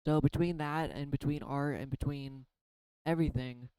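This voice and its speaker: A man's voice: fairly high pitch, fairly even intonation, normal speed, warm tone, smooth, no room sound, low-quality recording. A tired man in his thirties talking casually and candidly in a rambling way, now and then swearing. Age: 30s. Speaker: tarot reader and artist. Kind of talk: casual spiritual vlog.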